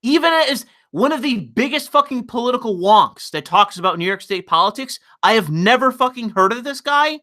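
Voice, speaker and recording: A man giving an exasperated, profanity-laden political rant on a livestream. His voice swings up and down all the time, with a bright, sharp edge, and he keeps repeating himself and restarting mid-sentence. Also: extremely high pitch, expressive, normal speed, hardly any pauses. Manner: repeats words and restarts when worked up. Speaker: political commentator.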